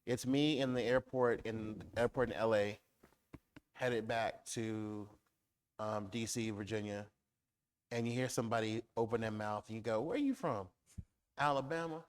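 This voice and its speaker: A man speaking as a guest author in a public conversation, riffing through animated lists. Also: on the low side, unhurried, clear, resonant tone.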